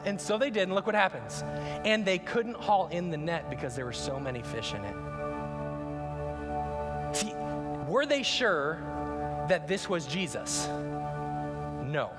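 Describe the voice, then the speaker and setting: A man preaching a sermon as pastor, animated and conversational, full of rhetorical questions. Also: high-pitched, long reverb tail. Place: church sanctuary.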